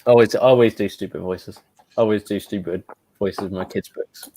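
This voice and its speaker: A man hosting a casual video chat, animated and laughing, with some swearing. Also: on the low side, normal speed, dry recording, rough recording. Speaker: channel host. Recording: crowd noise behind.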